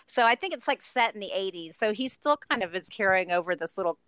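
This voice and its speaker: A woman's voice: medium pitch, lively intonation, fast talker, a bit bright, smooth, no room sound. A woman reviewing a film on a podcast in casual chat, enthusiastic and gushing, often laughing between thoughts.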